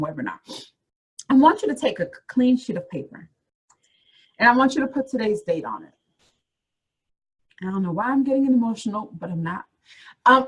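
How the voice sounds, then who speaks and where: A woman's voice: medium pitch, husky, rough recording. A woman career coach giving a motivational webinar talk, encouraging and addressing her listeners directly with repeated phrases.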